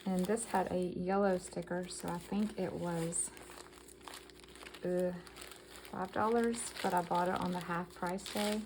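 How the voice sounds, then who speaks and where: A woman's voice: on the low side, steady tone, a little slow, noisy background. A woman chatting casually as she shows off vintage yard-sale finds, reading items aloud with enthusiasm. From American South. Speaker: vintage collector vlogger. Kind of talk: casual show-and-tell haul.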